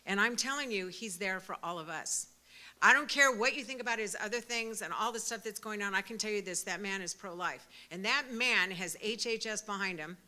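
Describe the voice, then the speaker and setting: Bright-voiced fervent woman in her sixties. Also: mid-range voice, brisk. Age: 60s. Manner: fervent and emphatic, rising to loud peaks. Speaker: speaker at a pro-life event. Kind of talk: impassioned speech.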